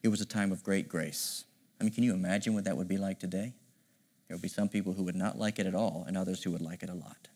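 A middle-aged man preaching a sermon in an animated, conversational way, often asking the listeners rhetorical questions. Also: sits low, quick pace. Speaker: pastor.

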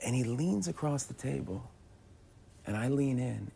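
A man's voice: medium pitch, a little slow, creaky, slight background noise. A man telling a story about a film set, acting out the other people in it. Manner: animated, mimics others' voices. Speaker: actor telling an anecdote. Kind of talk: storytelling on a talk show.

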